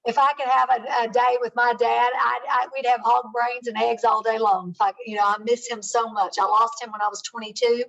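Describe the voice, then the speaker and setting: Woman guest from Kentucky, fairly high voice, chatty and candid, distant muffled call sound. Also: level tone, brisk, vocal fry, few pauses. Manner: warm, chatty, fond and candid. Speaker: author and guest. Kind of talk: casual interview chat.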